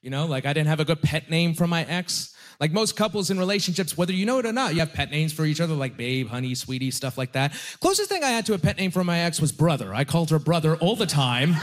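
A young man performing a stand-up comedy set, telling self-deprecating stories in a conversational way with pauses for punchlines. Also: a little high, lively intonation. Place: comedy club stage with audience.

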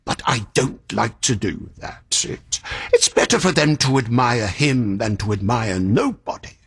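An actor playing a kindly, fussy old magician in a radio drama, chatty and musing, sighing and yawning, with a breathy, husky voice. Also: male voice, mid-range voice, animated, a little slow, full character voice. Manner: chatty and musing, with sighs and yawns.

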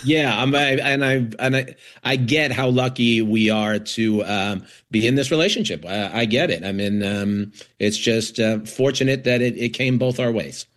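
A man's voice: mid-range voice, normal speed, few pauses, a bit bright. A man being interviewed as a guest actor, talking casually with frequent fillers, restarts and laughs.

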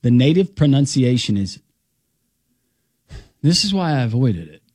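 A man's voice: mid-range voice, sing-song, unhurried, a little mellow, no room sound, studio quality. A man hosting a radio talk show, trading easygoing, wry banter with his co-host and callers.

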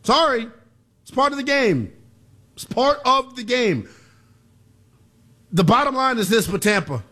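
A man's voice: very high voice, expressive, a little slow, long pauses, pushed and bright. A man hosting a sports talk show, blunt and emphatic, firing off rhetorical questions.

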